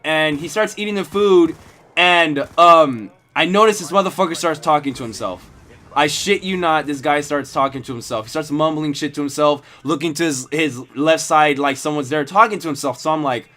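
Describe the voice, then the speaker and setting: A man's voice: fairly high pitch, normal speed, sharp tone. A man telling a story casually over gameplay, rambling and swearing a lot. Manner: rambling, heavily profane. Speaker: gaming video host.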